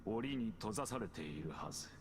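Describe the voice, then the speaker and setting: An actor playing a calm, knowing, scheming man in a video game, with measured remarks. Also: on the low side, slight background noise, lightly acted. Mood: cool. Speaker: game character.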